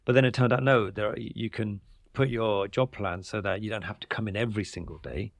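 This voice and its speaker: A man around forty co-hosting a podcast, telling quick, laughing stories in casual chat. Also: on the low side, no room sound. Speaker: podcast co-host.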